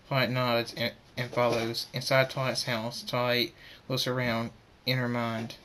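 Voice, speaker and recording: Man, narrating a fan story, middling pitch, halting, stammers and restarts. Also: monotone, a bit bright, a little hiss or hum. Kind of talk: amateur fan-fiction reading.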